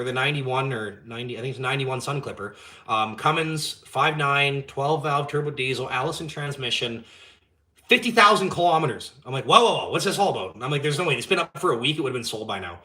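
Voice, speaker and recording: A young man, hosting a live stream and telling a story in casual, animated chat, swearing freely and acting out the dialogue. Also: medium pitch, quick pace. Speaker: channel host.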